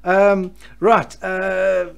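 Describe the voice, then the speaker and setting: A man's voice: high-pitched, completely flat delivery, extremely slow, vocal fry, clean tone, dull audio. A man hosting a live stream, chatting enthusiastically and reading out viewer comments, often restarting his sentences. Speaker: host of a live fishing electronics show.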